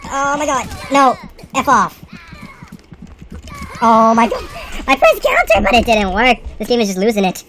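A woman's voice: a little high, big pitch swings, moderate pace, long pauses, noisy background. A woman playing a video game and reacting aloud, exasperated, exclaiming and cursing at what happens on screen. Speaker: let's play gamer. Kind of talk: live gameplay commentary.

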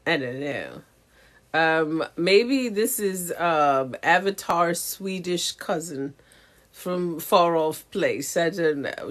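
A woman's voice: on the low side, expressive, takes it slowly. Giggly woman chatting to camera. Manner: giggly, self-mocking, lots of laughter. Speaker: content creator. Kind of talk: casual chat to camera. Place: home setup with ring light.

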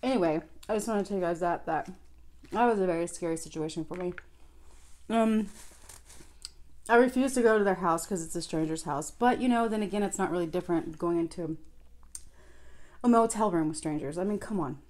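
A woman's voice: lowish voice, a little fast, pauses often. A young adult woman telling a storytime vlog while eating, laughing often and acting out the voices in her story. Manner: lively, laughing, acts out quoted voices. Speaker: vlogger.

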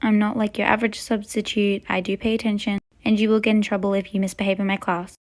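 A woman's voice: medium pitch, flat delivery, quick pace, natural voice. A woman voicing a stern substitute teacher who lectures the class in a role-play story.

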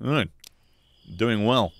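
Gravelly sarcastic gamer guy. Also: medium pitch, slow, no room sound. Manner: sarcastic, swearing, swings to loud outbursts. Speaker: gaming YouTuber. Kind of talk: let's play commentary.

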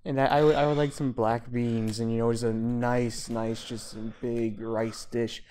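A man's voice: medium pitch, flat delivery, moderate pace, a little mellow, slight background noise. Teasing young man egging his friends on. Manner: teasing, eggs the others on. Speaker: podcast co-host. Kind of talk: casual joking chat among friends.

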